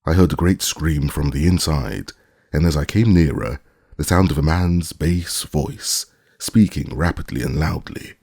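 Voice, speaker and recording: Very deep gravelly male narrator. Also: darkish tone, no room sound, studio quality. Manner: measured, deliberate storytelling. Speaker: audiobook narrator. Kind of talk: scripted audiobook narration.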